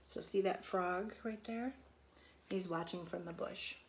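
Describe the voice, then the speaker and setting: A woman reading a picture book aloud to children, pausing to point out rhymes and the pictures in a slow, explanatory way. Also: lowish voice. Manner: slow, explanatory, stretches the read lines.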